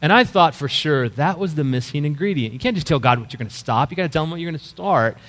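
A middle-aged man, a pastor, telling his conversion story in an earnest sermon, often dropping to a quiet, low voice. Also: lively intonation, fast talker. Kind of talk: sermon testimony. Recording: echoey hall with mains hum.

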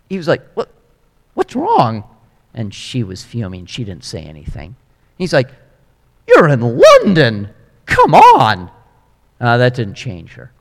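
A man preaching a sermon, telling a story with animated emphasis. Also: mid-range voice. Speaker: pastor. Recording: echoey hall.

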